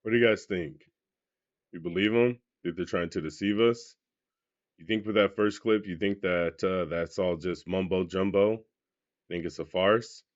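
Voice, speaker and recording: A man's voice: deep voice, fairly even intonation, moderate pace. A man hosting a reaction video, commenting casually and throwing questions at his viewers. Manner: loose, questioning, speaks to viewers. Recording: dull muffled recording.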